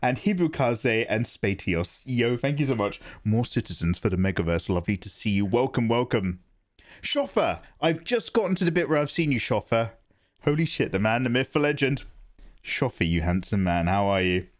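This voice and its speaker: A man streaming live art who chats casually with viewers in a rambling, animated way and often laughs. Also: mid-range voice, normal speed. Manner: animated, rambling, laughs into his own impressions. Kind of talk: casual livestream chat.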